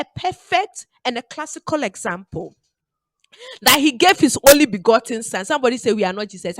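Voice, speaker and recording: A woman's voice: fairly high pitch, dry recording. A woman hosting a radio talk show, giving preachy, emphatic advice and repeating her key phrases. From Ghana.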